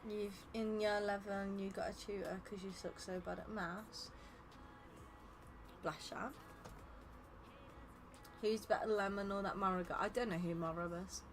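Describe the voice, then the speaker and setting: A woman's voice: mid-range voice, fairly even intonation, unhurried, long pauses, faint music behind. Teasing English woman streaming games. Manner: teasing, laughs often, reads chat aloud. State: tired. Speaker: streamer running custom game lobbies. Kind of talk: casual live-stream chat.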